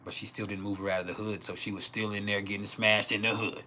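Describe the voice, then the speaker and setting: Host telling raw stories on a live stream, slightly low and bright, faint room noise. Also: male voice, flat delivery, fast. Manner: crude, laughing often, acts out quoted voices. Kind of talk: casual storytelling. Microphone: home livestream mic.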